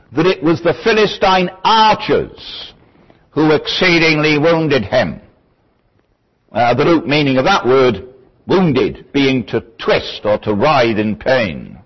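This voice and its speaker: A man's voice: a little high, slightly rough. A man giving a thoughtful, digressive Bible teaching, lecturing verse by verse with small asides. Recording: dull lo-fi recording.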